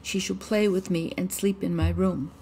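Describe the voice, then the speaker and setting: Headstrong robber girl, bossy and blunt, low gravelly tone, woman reader playing her. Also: fairly even intonation, moderate pace, warm tone.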